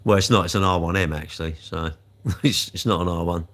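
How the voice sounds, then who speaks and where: A deep, slightly bright male voice with fairly even intonation moves a little fast as the livestreamer responds to comments. He rambles casually, and his scolding of trolls grows more heated.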